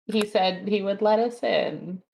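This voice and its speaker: A woman's voice: medium pitch, measured pace, vocal fry, a little mellow. Chatty woman playing a tabletop game. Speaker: player. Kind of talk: casual tabletop game play.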